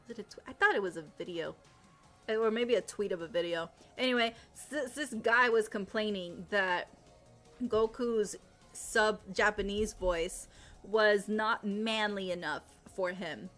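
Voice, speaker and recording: A loud, animated woman chats on her live stream, her voice sitting in a mid range. She turns emphatic and repeats herself when she rants. Soft music plays faintly underneath. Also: mid-range voice, normal speed. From Latin America. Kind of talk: casual live-stream chat.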